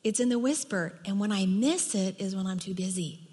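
A middle-aged woman teaching a women's Bible study in an earnest, emphatic way, dropping soft for quoted words. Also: mid-range voice, a little fast, breathy edge. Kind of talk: sermon. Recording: long hall reverb.

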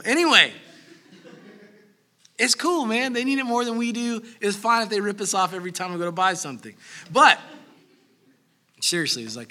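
A man in his thirties preaching a sermon as pastor, animated, breaking into acted asides. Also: high voice, moderate pace, long pauses.

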